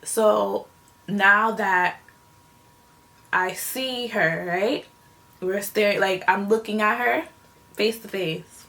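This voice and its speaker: A young woman with a gravelly, fry-tinged voice talks through a personal story for her vlog. She rambles and circles back with lots of fillers, and her feelings sit close to the surface. Her pitch stays in a middle range. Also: takes it slowly, pauses often, pushed and bright. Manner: emotional, rambling with many fillers. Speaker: vlogger.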